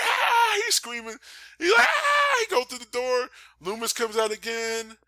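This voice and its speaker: A man casually recapping a wrestling show, animatedly acting out scenes with high yelps. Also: pushed and bright, no room sound. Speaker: podcast host reviewing wrestling.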